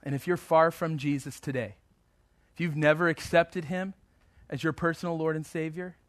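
Man, pastor, sermon, fairly high voice, dry close sound, swings from hushed to fervent. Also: steady tone, normal speed, no room sound. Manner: emphatic preaching that swings between hushed and fervent.

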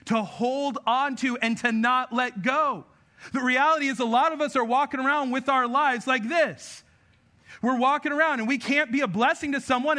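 Young male pastor, very high and sharp voice, lively sermon with joking asides. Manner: energetic, joking asides about his kids. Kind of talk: conversational sermon.

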